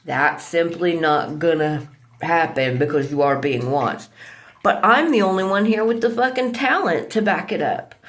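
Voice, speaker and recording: A woman's voice: on the low side, animated, moderate pace. A woman delivering an angry, profane rant, accusing people around her. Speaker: vlogger.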